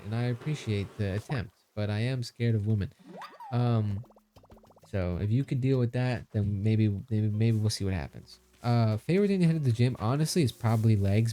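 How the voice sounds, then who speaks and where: A man's voice: on the low side, lively intonation, a little fast, mellow. A man in his thirties chatting casually on a live stream, joking, laughing and reading out chat messages. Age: 30s. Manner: joking, reads chat aloud, laughs often.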